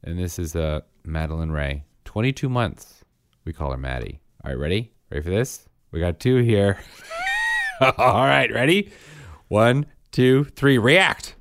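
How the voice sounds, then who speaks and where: A man's voice: lowish voice, lively intonation, a little slow, fairly bright tone. A man co-hosting a podcast, casual and teasing, counting down playful reveals. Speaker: podcast co-host. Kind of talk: casual chat.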